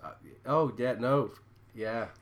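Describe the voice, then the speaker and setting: A man's voice: medium pitch, slow pace, heavy background noise. A man co-hosting a casual chat, riffing on jokes and laughing along. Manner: jokey, playful riffing.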